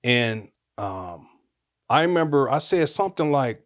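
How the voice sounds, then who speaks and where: Middle-aged male storyteller, casual and animated, frequent laughter. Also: medium pitch, unhurried, no room sound, studio quality. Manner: animated, laughs often, acts out quotes with raised voice.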